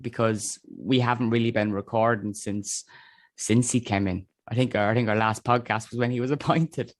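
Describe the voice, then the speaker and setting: A man hosting a casual podcast chat, talking in a measured way with frequent restarts. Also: lowish voice, steady tone, no echo. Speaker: podcast host.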